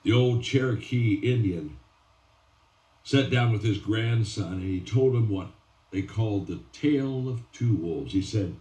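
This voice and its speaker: A man's voice: lowish voice, a little slow, mellow. A man giving a motivational talk with stories, stressing and repeating key phrases and restarting his sentences often. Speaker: motivational speaker. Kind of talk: motivational speech with storytelling. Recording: roomy and distant from the mic.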